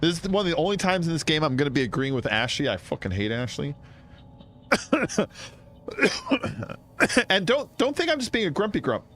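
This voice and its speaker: A man's voice: on the high side, fairly bright tone. A man giving casual, joking commentary while playing a game. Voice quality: joking, chatty, laughs often. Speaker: gaming streamer.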